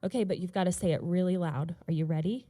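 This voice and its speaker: An American woman from a ballet company warmly addressing children at a library event, animated and encouraging. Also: lowish voice, fast, no room sound. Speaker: ballet company outreach host.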